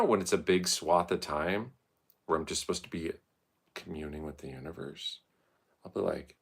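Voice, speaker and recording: Rambling late-night man with a gravelly voice. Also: animated, normal speed, fairly bright tone. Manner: rambling, swearing, slips into high mocking voices. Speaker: vlogger. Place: his art studio at night.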